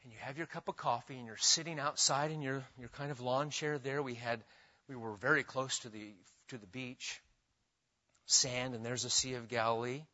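A man's voice: medium pitch, fairly even intonation, normal speed, bright, forceful tone, dull audio. A man preaching an expository sermon as pastor, emphatic and asking his congregation questions as he goes.

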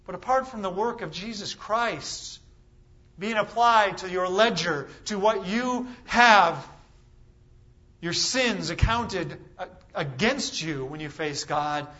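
A man delivers a sermon in a high, bright, forceful voice. He preaches with emphasis, asks the room rhetorical questions and leans on dramatic pauses. The recording is slightly dull and lo-fi.

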